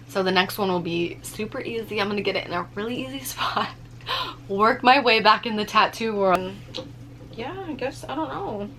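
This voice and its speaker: A young woman telling a story in a casual vlog, animated, swearing freely and using lots of fillers. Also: medium pitch, slight background noise. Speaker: vlogger.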